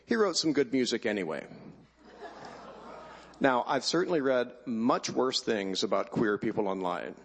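A man's voice: mid-range voice, expressive, measured pace, pauses often, slight background noise. A middle-aged man giving a wry, emphatic personal speech at a choir event before introducing the choir. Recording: long hall reverb.

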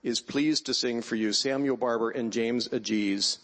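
At a choir event, a middle-aged man delivers a wry, emphatic personal speech and then introduces the choir. His voice is medium in pitch and fairly bright, at a normal speed, with long hall reverb around it.

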